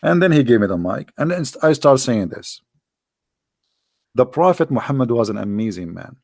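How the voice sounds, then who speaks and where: A man hosting a livestream who tells stories in animated, broken English and talks straight to his audience. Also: medium pitch, normal speed, vocal fry, dry recording, clean studio sound. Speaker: livestream host. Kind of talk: casual livestream storytelling.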